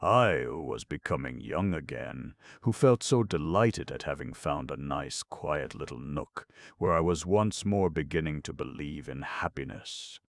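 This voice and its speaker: Brief: blubbering, drunken old uncle, raging then weeping, played by a man in a very low, gravelly voice. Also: expressive, measured pace, few pauses, no echo, studio quality, heavily acted. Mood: self-pitying. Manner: sobbing, ranting.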